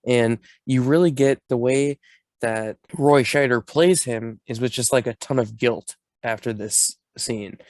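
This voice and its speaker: A man's voice: medium pitch, steady tone, unhurried, a little mellow, no room sound. A man co-hosting a podcast, chatting casually about a movie with dry joking asides. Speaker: podcast co-host.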